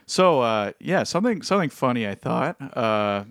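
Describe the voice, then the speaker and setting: A man chats on a homemade podcast, wandering through his thoughts with plenty of fillers and false starts. His voice sits at an ordinary pitch and is recorded close and dry, with no room sound. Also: sing-song, moderate pace, a bit bright, no room sound. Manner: rambling, frequent fillers and restarts. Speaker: podcast co-host. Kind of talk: casual chat. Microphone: headphones and studio mic.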